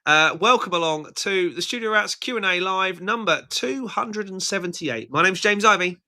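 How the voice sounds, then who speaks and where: A man's voice: sits high, animated, normal speed, bright, forceful tone. A British man hosting a live chat show, playful and teasing, laughing often and a little short on sleep. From Britain. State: tired from lack of sleep. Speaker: show host. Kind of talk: casual live-stream chat.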